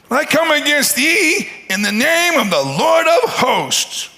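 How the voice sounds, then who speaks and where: A preacher acting out a small, fearless boy hero with a squeaky voice, defiant and laughing through his lines. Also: big pitch swings, takes it slowly, creaky, sharp tone, long reverb tail, heavily acted.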